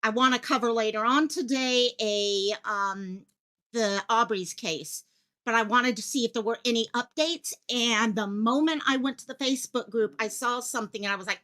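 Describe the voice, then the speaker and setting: A woman hosting a live stream from her home office, talking fast and excitedly and jumping between thoughts as she greets chat viewers. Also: fairly high pitch. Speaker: livestream host covering a missing-child case.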